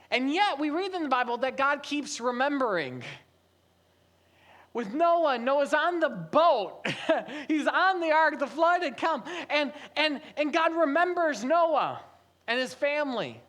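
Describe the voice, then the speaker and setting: A man's voice: extremely high pitch, pushed and bright. A man giving a sermon as pastor, telling a family story conversationally with light humor.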